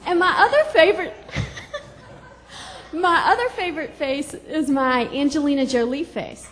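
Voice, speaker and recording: A woman's voice: sits high, a little slow, pauses often, fairly bright tone, big-room sound, slight background noise. A woman from Georgia doing stand-up comedy on a club stage, bubbly and giggly, chatty with the crowd.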